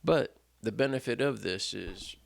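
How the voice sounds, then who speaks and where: Low gravelly guy rambling between songs at his little home stage, kinda laughs at himself. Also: expressive, measured pace. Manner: rambling, self-deprecating, many fillers and restarts. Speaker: singer-songwriter. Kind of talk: casual talk between songs. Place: small home stage setup. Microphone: stand mic in front.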